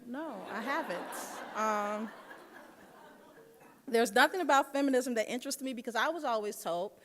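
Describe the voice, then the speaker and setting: Speaking at a moderate pace in a slightly high, fairly bright voice, a woman delivers a dinner keynote. She shares a personal story and engages the audience head-on, and the large dinner hall adds long reverb.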